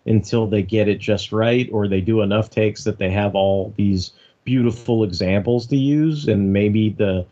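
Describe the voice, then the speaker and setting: A man with a slightly low voice co-hosting a casual podcast chat, talking in loose, rambling sentences full of restarts and the odd swear. The recording sounds dull and lo-fi. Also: moderate pace, dark tone. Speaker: podcast co-host.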